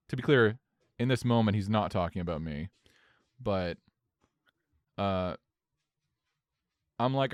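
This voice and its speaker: A young man telling a long story in casual podcast chat, animated and swearing freely. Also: mid-range voice, moderate pace, pauses often, no echo, clean studio sound. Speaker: podcast co-host.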